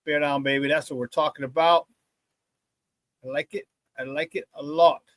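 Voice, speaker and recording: Man, sports talk show host, high voice, hyped-up casual chat, dry close sound. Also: fairly even intonation, moderate pace, a bit bright, no room sound. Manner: hype-man energy with catchphrases, calls viewers baby. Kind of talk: casual morning show chat, reading viewer comments.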